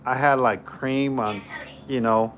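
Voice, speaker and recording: A man's voice: medium pitch, steady tone, slow pace, a bit bright, slight background noise, voice pushed down. A man voicing his drunk, confused young male buddy who stammers in disbelief. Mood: dismayed.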